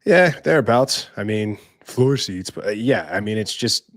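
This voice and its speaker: A man's voice: on the low side, animated, unhurried, no room sound, studio quality. A man co-hosting a podcast, rambling and exasperated, with many fillers. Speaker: podcast co-host. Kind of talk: casual podcast talk.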